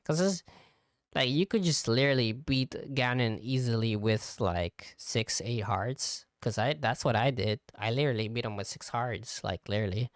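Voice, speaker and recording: Young male VTuber, casual solo podcast, smooth voice, dry close sound. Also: mid-range voice, moderate pace, no echo. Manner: rambling, lots of fillers and likes.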